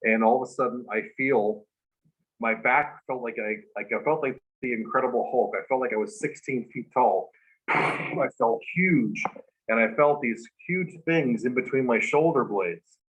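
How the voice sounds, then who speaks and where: A man, a guest, casually telling a long story, animated and full of fillers. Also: medium pitch, normal speed. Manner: animated retelling with many fillers. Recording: dull lo-fi recording.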